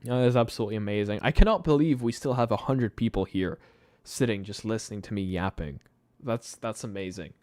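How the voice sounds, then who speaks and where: A man's voice: fairly low pitch, a little fast, darkish tone, dry recording. A tired man hosting a late-night live stream, chatting to his viewers in a rambling way with frequent laughs and restarts. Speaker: YouTube channel host. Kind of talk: casual live-stream chat.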